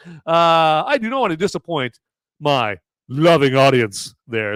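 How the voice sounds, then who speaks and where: A man's voice: fairly high pitch, animated, measured pace, fairly bright tone, clear, resonant tone, dry recording. A man hosting a live podcast movie review, ranting profanely and repeating himself as he goes. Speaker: podcast host.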